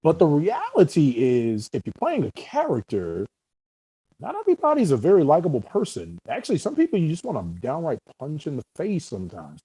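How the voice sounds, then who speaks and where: A young adult man, a guest actor, chatting casually and telling stories in an animated, talkative way. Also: a little high, a little fast, slightly rough, dry recording, low-quality recording. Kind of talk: casual podcast chat.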